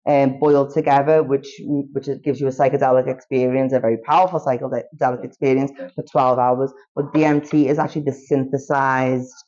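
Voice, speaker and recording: A man's voice: medium pitch, level tone, a little fast, hardly any pauses, a little mellow. A man who is a guest on a podcast, chatting casually and rambling with lots of fillers and restarts. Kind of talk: casual chat. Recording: dull lo-fi recording.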